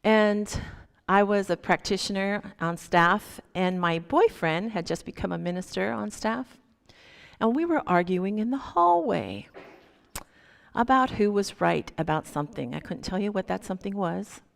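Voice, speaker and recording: A woman minister delivers a sermon in a middle-pitched voice and tells personal stories with lively energy, acting out each voice. Her words ring through a long hall reverb. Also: measured pace, creaky. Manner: animated, acts out quoted voices in her stories. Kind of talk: sermon with storytelling. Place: church sanctuary.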